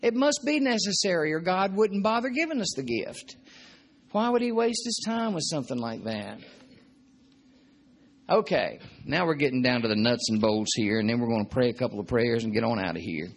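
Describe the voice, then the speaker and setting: A man's voice: mid-range voice, animated, normal speed. A man preaching a sermon in a conversational, joking way, often repeating his points. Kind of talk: sermon teaching.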